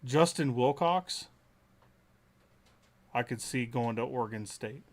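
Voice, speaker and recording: A man co-hosts a relaxed football talk show. He hedges his picks, trails off and restarts as he thinks out loud, with an easy conversational delivery. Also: medium pitch, takes it slowly. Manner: hedging, thinks aloud with restarts. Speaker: co-host. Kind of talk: casual sports chat.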